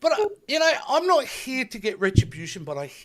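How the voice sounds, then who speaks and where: Bright-voiced Australian man, mock-serious. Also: very high voice, brisk. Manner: deadpan mock-serious complaining. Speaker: podcast co-host. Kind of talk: casual chat.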